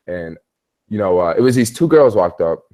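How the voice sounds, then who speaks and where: A man's voice: lowish voice, expressive, moderate pace, dark tone. A man chatting casually on a livestream from his hotel bedroom, telling stories in a rambling, slangy way. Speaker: travel vlogger.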